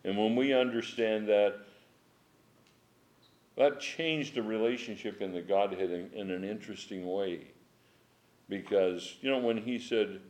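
A middle-aged man leads an informal Bible study from his home, his somewhat low voice sounding a little strained. He teaches in an emphatic, animated way. He drops chuckling asides between points. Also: measured pace, pauses often. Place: at home with dogs.

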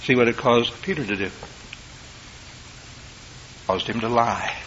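A man preaching a sermon in a folksy, conversational way, swinging between loud emphatic bursts and quiet low asides. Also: measured pace, noisy background. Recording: dull lo-fi sermon tape.

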